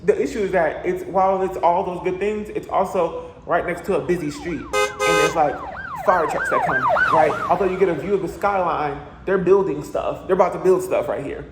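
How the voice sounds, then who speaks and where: A man's voice: high voice, moderate pace, slight background noise. Chatty man ranting in an echoey apartment. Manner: chatty, animated, with playful asides. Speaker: vlogger. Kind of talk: casual vlog rant. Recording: echoey room with faint ambience.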